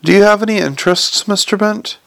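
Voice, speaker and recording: A man reading an audiobook, voicing a quick-witted, smooth-talking young man with a wry manner. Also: high-pitched, fairly bright tone, pitched above the performer's own voice. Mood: probing. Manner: glib, wry.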